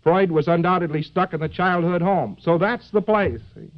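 In an old lecture captured on dull lo-fi audio, a man with a high-pitched, animated voice talks at normal speed. He rambles and jokes for the audience, digressing constantly with fillers and rhetorical asides like "see?".

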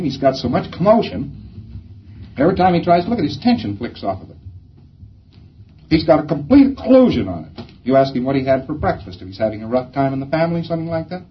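A man's voice: a little high, very animated, fast, highs cut off, slight background noise. A man giving a rambling, folksy lecture that slips into acted-out bits of dialogue. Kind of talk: recorded lecture.

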